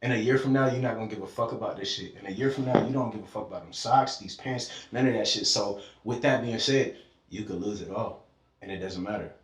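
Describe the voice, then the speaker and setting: A man's voice: fairly low pitch, quick pace, distant mic, a little hiss or hum. Man, from Georgia, fervent and preachy, swears freely, echoey room, sits back from the mic. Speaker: podcast guest. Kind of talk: casual heart-to-heart conversation.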